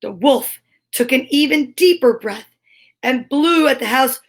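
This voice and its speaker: A woman telling a fairy tale aloud in a slow, playful comic reading with little asides. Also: high voice. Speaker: storyteller. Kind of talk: comic storybook narration.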